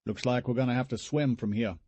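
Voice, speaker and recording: A man as a brisk firefighter diver. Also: mid-range voice, steady tone, a little mellow, slightly rough, no room sound, close to an everyday voice. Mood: matter-of-fact.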